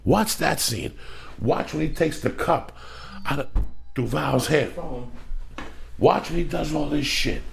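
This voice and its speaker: A man's voice: a little high, unhurried, long pauses, crowd noise. A middle-aged man, a podcast host ranting with heavy swearing and acting out movie lines. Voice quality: gravelly. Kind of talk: profane storytelling rant.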